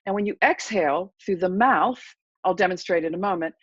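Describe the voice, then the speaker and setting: An English woman, a therapist and hypnotherapist, answers interview questions about self-help techniques and coaches a breathing exercise with confident instruction. Her lowish voice is brisk and a bit bright with a breathy edge, and the recording is dry and lo-fi.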